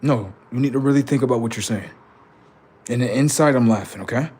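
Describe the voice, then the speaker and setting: A man's voice: medium pitch, brisk, a little mellow, husky. A man on a live stream, chatting casually and swearing, then lecturing his viewers insistently about number codes.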